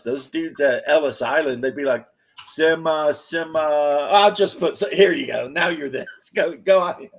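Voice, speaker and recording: Man telling stories in lively voices. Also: medium pitch. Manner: animated storyteller acting out quoted voices. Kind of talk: casual chat.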